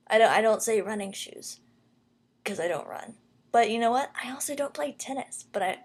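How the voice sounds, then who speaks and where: A young woman from the Southern United States with a Southern American accent, explaining things casually and slowly in a rambling vlog full of fillers. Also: mid-range voice. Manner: rambling, many fillers and restarts; speaks slowly for a learner.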